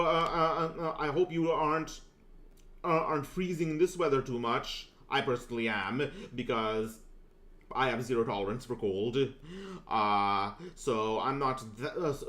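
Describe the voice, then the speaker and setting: A man from California casually commenting on his gameplay, rambling and halting with many fillers and restarts. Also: medium pitch, sharp tone. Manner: reads game dialogue in hammy theatrical voices. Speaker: gameplay streamer. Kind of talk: casual let's-play commentary.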